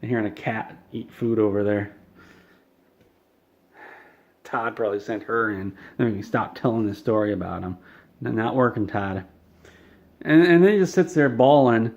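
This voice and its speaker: A man telling an absurd comic story in a rambling, self-deprecating deadpan, on a dull lo-fi home recording. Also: on the low side, normal speed, long pauses. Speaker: comedic storyteller.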